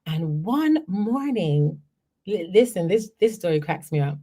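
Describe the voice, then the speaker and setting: A woman from Jamaica, a podcast host telling personal stories in an animated way, often checking in with the listener. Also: fairly low pitch, unhurried, slightly rough. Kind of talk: personal storytelling.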